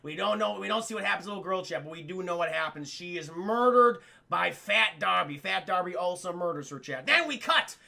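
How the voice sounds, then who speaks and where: A man streaming a casual spoiler-filled film review to live chat, animated and swearing freely as he acts out scenes. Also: high-pitched, fairly quick, vocal fry, few pauses.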